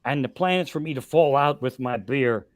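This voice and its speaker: A man in his sixties telling profane, animated comedy stories on a live podcast, with loud punchlines. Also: medium pitch, normal speed, no echo. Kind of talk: casual storytelling on a live podcast.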